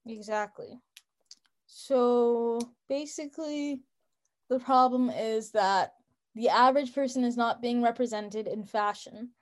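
A young woman with a somewhat high voice co-hosts a casual podcast. She talks in an opinionated, emphatic way and fills her speech with "like". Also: takes it slowly. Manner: opinionated, emphatic, frequent "like" fillers. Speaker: podcast co-host.

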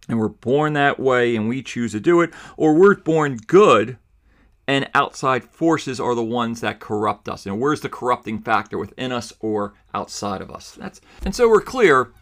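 A man from the New York City suburbs hosting a podcast, giving emphatic, argumentative opinion commentary. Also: medium pitch. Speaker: podcast host.

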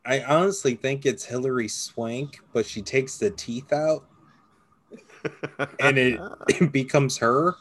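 A man's voice: medium pitch, slow, fairly bright tone. Ranting, foul-mouthed male podcast host. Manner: ranting, swears freely, jokey asides. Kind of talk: casual podcast chat.

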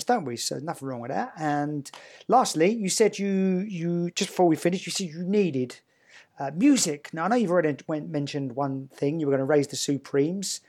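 A man's voice: fairly high pitch, a little mellow. A man with a Southern English accent hosting an interview podcast in a chatty, encouraging way, full of restarts. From south of England. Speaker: podcast host. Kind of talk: casual interview chat. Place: home, northern England, evening.

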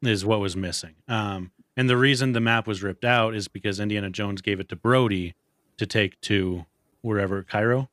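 Brief: young male podcast co-host, lowish voice, dry close sound, animated movie chat. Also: normal speed, dry recording. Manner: animated, acts out movie quotes in a high voice. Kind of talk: casual movie discussion.

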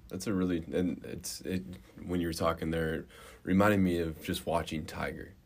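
A man talking as a guest in a casual podcast conversation, relaxed and halting, often restarting his sentences. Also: low voice, gravelly.

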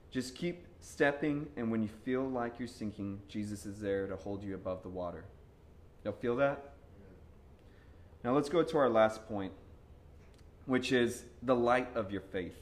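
Animated young male preacher. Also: medium pitch. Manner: conversational, animated, slangy storytelling preaching with bursts of shouting. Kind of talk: sermon.

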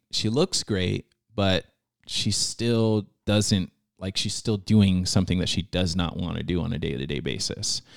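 A man's voice: sits low, vocal fry, dry recording, clean studio sound. A young man telling a personal story in casual chat, loose and slangy, full of fillers and restarts, earnest and emotional.

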